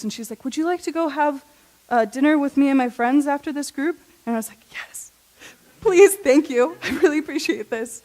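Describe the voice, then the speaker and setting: A young woman giving a personal testimony at a youth church service, chatty and self-deprecating, laughing often and saying "like" a lot. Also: a little high. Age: young adult. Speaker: junior high intern giving a talk.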